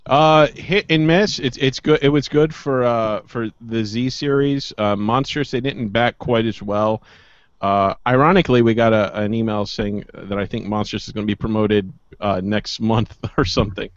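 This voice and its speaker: A man's voice: fairly low pitch, fairly even intonation, no room sound, dull audio. A man co-hosting a podcast, chatting casually with frequent fillers and restarts. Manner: halting, many fillers and restarts. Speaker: podcast co-host.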